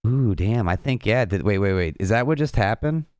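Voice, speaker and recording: Rambling streamer man, smooth low voice. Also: expressive, moderate pace, a little mellow, dry recording, clean studio sound. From American South. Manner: chatty, rambling, banters with chat. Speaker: programming livestream host. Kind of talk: casual livestream chat.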